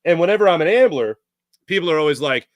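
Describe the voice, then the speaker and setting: A man's voice: on the high side, animated, fast talker, dry recording, muffled recording. A man with a Philadelphia accent hosting a sports talk show, chatting casually and rambling as he corrects himself mid-story. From Philadelphia area, USA. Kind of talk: casual chat, answering live chat.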